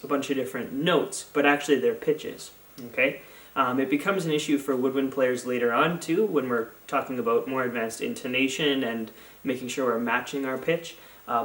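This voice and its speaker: A man's voice: mid-range voice, distant mic. Male music teacher, patient explanation, fillers, echoey band room, sounds off mic. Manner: explains patiently, frequent fillers, counts off and chants note names. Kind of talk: instructional video lesson.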